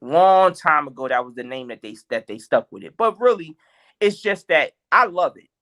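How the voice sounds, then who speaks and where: A man's voice: a little high, very animated, normal speed, fairly bright tone. A man, a guest comedian, telling stories in a podcast interview, acting out quotes and laughing often. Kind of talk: animated storytelling in a podcast interview.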